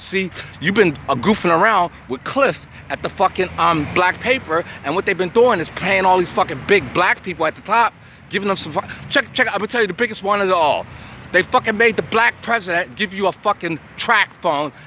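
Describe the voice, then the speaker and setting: High-pitched man in his sixties ranting outdoors. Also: expressive, fairly quick, pushed and bright. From United States. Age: 60s. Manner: profane, rambling, repetitive stammering restarts. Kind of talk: agitated rant to camera. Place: outdoors on a city street. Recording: faint street and traffic noise. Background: traffic noise.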